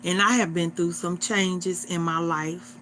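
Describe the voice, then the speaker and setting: A woman's voice: lowish voice, fairly even intonation, a little slow, a bit bright, a little hiss or hum. A woman in her forties hosting a livestream, talking to her viewers in an earnest, repetitive, exhorting way, like a casual sermon. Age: 40s. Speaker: livestream host.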